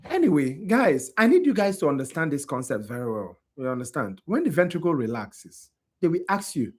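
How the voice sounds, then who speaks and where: A man's voice: a little high, big pitch swings, brisk, a little mellow, husky. A tired man lecturing on anatomy to a class, quizzing his students and often checking whether they understand. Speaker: anatomy instructor.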